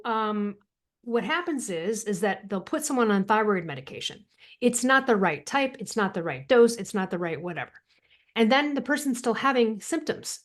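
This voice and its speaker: A woman from the United States, a guest author on a podcast interview, telling stories emphatically and acting out quotes. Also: a little high. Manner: emphatic, animated storyteller who acts out quotes. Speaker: guest author and thyroid coach.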